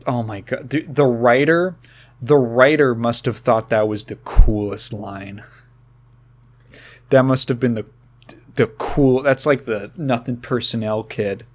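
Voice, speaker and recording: A man co-hosting a casual podcast, rambling with halting restarts, frequent laughs and swearing. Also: medium pitch. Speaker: podcast co-host.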